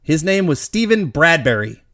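A man's voice: fairly high pitch, sing-song, moderate pace, a bit bright. An upbeat man hosting a casual trivia game show, laughing easily.

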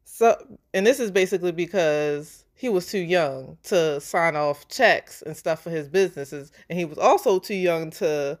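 A woman's voice: fairly low pitch, moderate pace. A woman co-hosting a true-crime podcast, telling the story in a casual, chatty way. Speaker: podcast co-host.

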